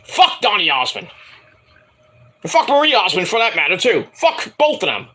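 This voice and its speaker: Bright, animated man ranting profanely. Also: sits high, moderate pace. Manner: profane, rambling, mocking voices in quotes. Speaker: wrestling show reviewer. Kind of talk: casual ranting review.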